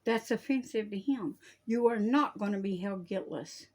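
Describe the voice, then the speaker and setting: A woman's voice: medium pitch, normal speed, darkish tone. A woman, talking casually in a religious video, folksy and scolding, laughing often. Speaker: online preacher.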